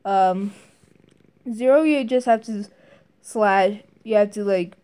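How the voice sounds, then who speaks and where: Woman, casual game reviewer; slow, mellow delivery; hesitant, filler-heavy. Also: clear, resonant tone. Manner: hesitant, many fillers and restarts; briefly mimics game character lines in higher voices.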